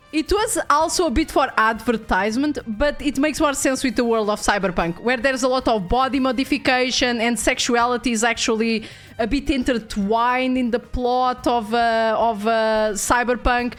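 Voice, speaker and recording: A woman's voice: sits high, a bit bright. A young woman streamer chatting casually about a game, talking loosely and laughing often. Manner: chatty, frequent fillers and restarts, laughs often.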